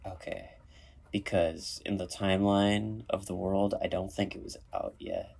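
A man's voice: low voice, fairly even intonation, a little slow, gravelly, a little mellow, breathy edge. A young man hosting a podcast, rambling jokily with lots of fillers. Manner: rambling, filler-heavy, jokey. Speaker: podcast host. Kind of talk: casual chat.

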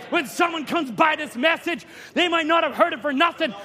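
High-voiced shouting preacher in a reverberant hall. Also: male voice, expressive, normal speed, few pauses, crowd noise. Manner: impassioned, swings from hushed to shouting. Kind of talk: sermon. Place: church sanctuary.

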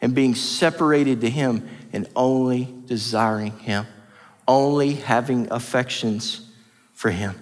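A male pastor preaches a sermon in a church hall, passionate and emphatic, with lots of repetition. His voice is medium in pitch and measured in pace, and the hall's reverberation is audible.

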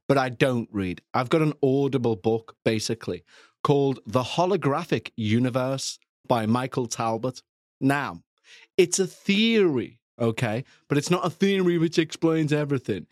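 A man's voice: on the high side, no echo, studio quality. A man in his forties hosting a podcast, rambling through a casual review with jokey, self-deprecating asides. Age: 40s. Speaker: podcast host.

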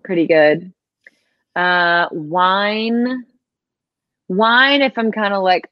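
A woman's voice: mid-range voice, slow, long pauses, dry recording, highs cut off. A woman from Georgia chatting as an interview guest, laughing often and filling her talk with "like" and "you know". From Georgia, USA. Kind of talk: casual interview chat.

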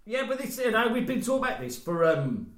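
Excitable male co-host, animated and a bit high, in an echoey room. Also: fairly quick. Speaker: podcast co-host. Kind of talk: casual chat.

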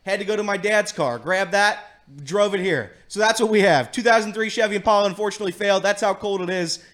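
A man's voice: sits high, fast, a bit bright. A man from the Cincinnati area doing a rambling, self-mocking comedic weather segment.

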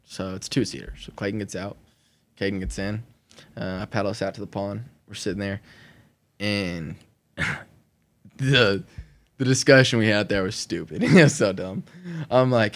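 A young man telling his personal testimony in casual conversation, animated, laughing often and acting out what people said. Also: lowish voice, moderate pace. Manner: animated, acts out quoted voices, laughs often.

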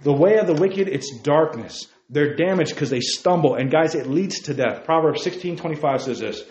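A man's voice: on the high side, expressive, a little mellow, dull audio. Fervent man preaching in an echoey room. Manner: fervent, emphatic, repeats key phrases; admits he preaches fast. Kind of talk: sermon to a youth group. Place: meeting room.

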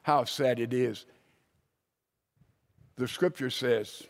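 A man preaching a sermon, telling stories and dropping from loud emphasis to a hushed voice. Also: on the high side, measured pace. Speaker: pastor.

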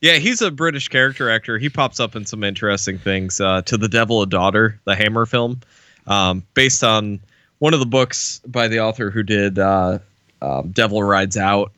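A man sharing film trivia and anecdotes on a movie podcast, animated and fond of acting out what others said. His voice is bright and middle-pitched. The sound is dry and close. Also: moderate pace, dry recording. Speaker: podcast co-host. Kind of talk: casual movie podcast chat.

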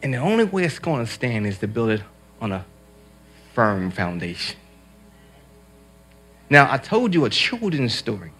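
Male preacher, husky and lively, storytelling from the pulpit with emphatic swings. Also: mid-range voice, normal speed, long pauses, soft background music. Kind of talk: sermon.

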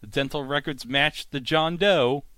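Podcast guy recapping tv, animated mock disbelief, slow-ish, dry mic. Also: fairly high pitch, dry recording. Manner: animated, mock-incredulous outbursts. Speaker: podcast host. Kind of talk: comedic episode recap.

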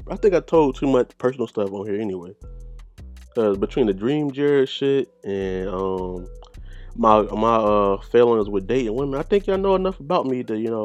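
A man's voice: fairly low pitch, muffled recording. A man hosting a solo podcast, rambling in loose, profane casual chat and laughing often. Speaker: podcast host.

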